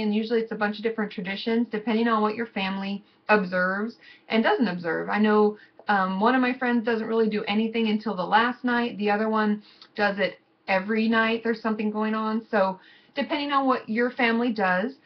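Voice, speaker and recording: A woman therapist giving casual, gently reassuring advice to her viewers in a chatty, conversational way. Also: medium pitch, fairly quick, highs cut off. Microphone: computer mic.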